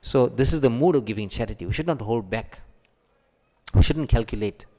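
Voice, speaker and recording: A man giving a sermon, telling stories and acting out the quoted voices with a raised pitch. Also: expressive, a little fast, mellow. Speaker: preacher. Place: temple hall. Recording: long hall reverb.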